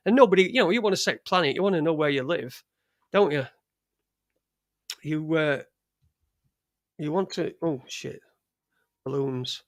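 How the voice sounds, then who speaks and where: Rambling and joking crudely, this middle-aged livestream host with a Yorkshire accent speaks from a green-screen home studio. His voice is high-pitched at normal speed with long pauses, and the audio is clean, with no echo.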